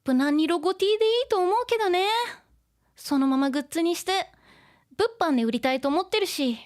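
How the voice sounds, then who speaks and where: A woman's voice: very high voice, animated, racing, a little mellow, voice pushed up. A woman voicing a cheerful, bossy teenage girl drummer, reading her lines from a manga. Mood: upbeat.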